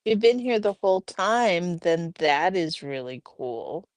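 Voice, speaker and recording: Speaking slowly in a lowish, sing-song voice with no echo, this woman runs a relaxed home livestream. She's chatty, reads out viewer comments, and addresses her viewers and pets by name.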